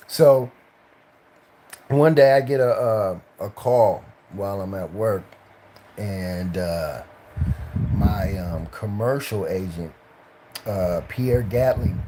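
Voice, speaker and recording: A man's voice: on the low side, slow pace, pauses often, background noise. A tired man, an actor, telling career stories on a casual live stream, rambling with many fillers and restarts and slipping into voices for other people. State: tired, late at night.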